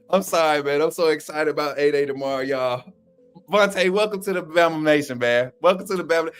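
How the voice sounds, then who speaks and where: A man hosting a fan live stream, talking like a preacher, calling out to viewers, shouting and laughing often. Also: fairly high pitch, fairly quick, clean tone, faint music behind. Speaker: sports channel host. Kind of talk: live-stream chat, mock preacher call.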